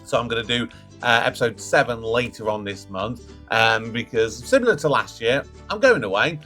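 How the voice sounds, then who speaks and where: A man's voice: mid-range voice, expressive, normal speed, soft background music. A British man hosting a reaction video, chatting casually and restarting his sentences. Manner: chatty, restarting sentences, bursts into loud mock whooping. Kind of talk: casual commentary.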